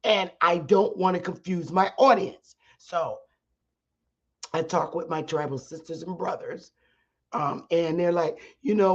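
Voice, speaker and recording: A middle-aged woman hosting her own stream, talking bluntly and profanely to her audience and rising into sharp shouts at times. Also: lowish voice, unhurried, lo-fi sound. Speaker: channel host teaching her audience. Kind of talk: heated livestream monologue.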